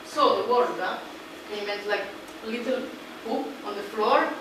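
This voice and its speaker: A woman interjecting during a lecture with lively, quick rhetorical questions. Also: medium pitch. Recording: echoey hall, distant, noisy.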